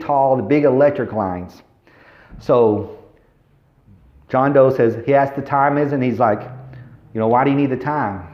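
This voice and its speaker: A man casually recapping a movie in a rambling, chatty way. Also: mid-range voice. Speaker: vlogger. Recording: roomy, dull lo-fi recording.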